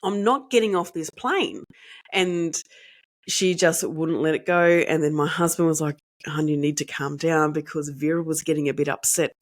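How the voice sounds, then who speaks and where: A woman, hosting a podcast and telling a personal story in an animated, indignant way, acting out the dialogue. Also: low voice, moderate pace. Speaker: podcast host.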